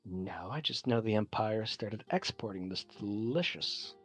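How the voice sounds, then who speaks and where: A man voicing a composed, proud middle-aged mother who speaks in a measured, soft tone that sinks low and hushed. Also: lively intonation, slightly rough, soft background music, exaggerated voice. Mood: polite, composed. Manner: measured, soft-spoken, drops to a hush.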